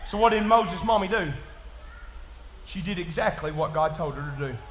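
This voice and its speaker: A man with a Kentucky accent preaching in church, folksy and plain-spoken, dropping to quiet asides and rising to shouts. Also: sits high, normal speed, a little hiss or hum. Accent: Southern US, Kentucky. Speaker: pastor. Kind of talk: sermon. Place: church sanctuary. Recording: echoey church room.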